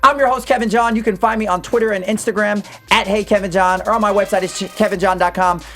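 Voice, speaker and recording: A man's voice: high-pitched, fairly even intonation, fast talker, sharp tone, soft background music. A man hosting a casual sports chat show, playful and teasing with his co-host.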